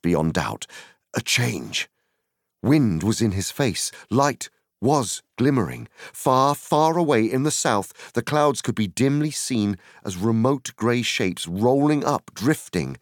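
A man reading an audiobook aloud in a slow, dramatic storytelling manner, with a gravelly voice. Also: lowish voice, very animated, dry recording, studio quality. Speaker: narrator. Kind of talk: audiobook narration.

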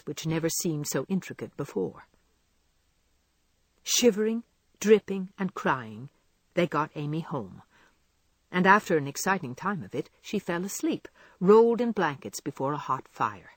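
A woman narrating a classic novel in an expressive, measured storytelling voice. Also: low voice, slightly rough, no echo. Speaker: audiobook narrator.

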